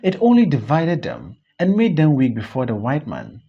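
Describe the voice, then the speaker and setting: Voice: mid-range voice, wildly swooping pitch, moderate pace, slightly rough, lo-fi sound, heavily acted. An audiobook reader voicing a troubled young male politician who is remorseful and bitter, in a read stage play.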